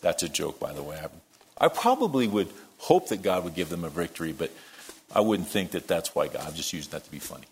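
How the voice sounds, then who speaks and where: A man preaching a sermon, telling a story that moves between quiet, hushed lines and loud, worked-up ones. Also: low voice, sing-song, fairly quick, a little hiss or hum. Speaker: pastor.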